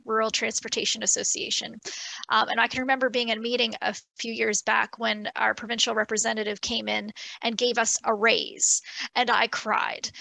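A woman's voice: a little high, gravelly, bright, forceful tone, no room sound, poor audio. A woman from Nova Scotia, a transit group's awardee, answering panel questions earnestly on a video call with many fillers. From Nova Scotia, Canada.

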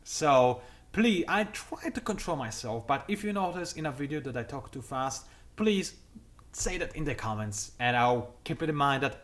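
A young man hosting a strategy game tutorial, talking quickly through detailed explanations with dry, sarcastic asides. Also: medium pitch, expressive, a bit bright. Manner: talks fast, self-admittedly. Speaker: gameplay tutorial host. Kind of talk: explanatory let's-play commentary.

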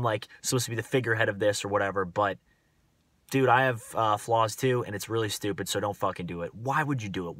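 A man's voice: lowish voice, a bit bright, no room sound. A young man rambling bluntly to his viewers in a casual, profane rant, full of fillers and restarts. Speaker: vlogger.

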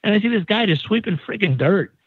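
This husky, high-pitched male voice comes from a podcast guest out of San Diego, United States, who speaks fairly quickly. He's an animated storyteller, casually recounting events and performing the quoted voices of the characters. There's no room sound; the audio is dry and narrow, like a phone line.

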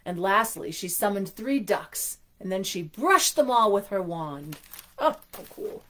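A woman's voice: mid-range voice, expressive, measured pace, sharp tone. A woman hosting a storytime and reading a picture book aloud, breaking into gushing, chatty asides. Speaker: storytime host.

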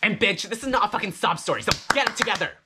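A young man vlogging in a campy, flamboyant, profane joking manner, talking excitedly to his viewers. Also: high voice, racing, very noisy. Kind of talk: campy confessional vlog.

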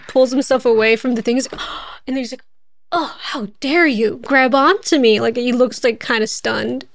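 A woman's voice: high voice, dry recording. A woman streaming a game, chatting casually as she plays, thinking aloud and laughing often. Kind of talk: casual gameplay commentary.

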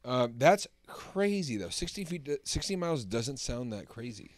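Lively joking man on a podcast. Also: medium pitch, moderate pace. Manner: loud, laughing, crude banter. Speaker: podcast co-host. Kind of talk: casual chat.

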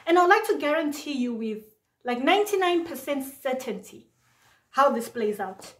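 Animated young woman from Zimbabwe, echoey room. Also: high-pitched, moderate pace. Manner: animated, acts out both sides of a phone argument. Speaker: vlogger. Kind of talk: casual storytime to camera.

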